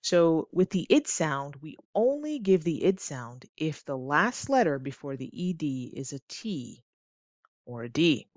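A woman teaching English pronunciation in a clear, deliberate way, slowing down to stretch out example words. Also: low-pitched, very animated, darkish tone, no echo, lo-fi sound. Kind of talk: pronunciation lesson.

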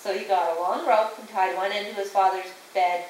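A woman reading a picture book aloud to a small child, slow and patient, adding sound effects along the way. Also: mid-range voice, fairly even intonation, darkish tone. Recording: echoey room, distant mic, faint hiss.

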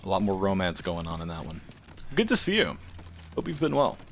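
A man's voice: deep voice, sing-song, brisk, noisy background. A man giving casual gameplay commentary as a streamer, joking and swearing freely. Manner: profane, joking trash talk. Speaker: gaming streamer.

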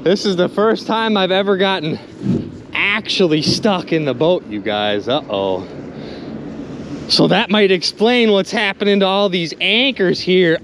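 A man vlogging while magnet fishing from a boat outdoors, excitedly narrating his finds to viewers and exclaiming often. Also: high voice, a little slow, a little hiss or hum. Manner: animated, exclaims often, keeps addressing viewers as "you guys".

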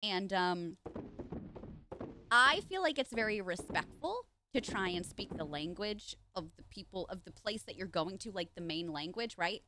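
A woman streaming live and chatting casually while she plays, playful and goofy with loud silly outbursts. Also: mid-range voice, animated, normal speed, background noise.

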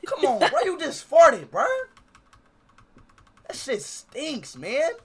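A man streaming in public, chatting loudly and playfully with strangers in a casual, teasing way. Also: very high-pitched, wildly swooping pitch, slow pace. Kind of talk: casual street chat with strangers.

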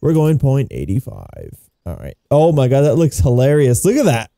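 A man giving casual gameplay commentary, excitable and giggly, with frequent exclamations. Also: mid-range voice, moderate pace, gravelly, no room sound, studio quality. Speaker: gaming YouTuber.

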